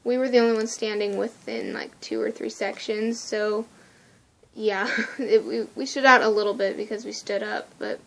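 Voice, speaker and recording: A woman excitedly telling a story in a casual vlog, gushing and laughing often. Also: mid-range voice, moderate pace, vocal fry. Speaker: vlogger.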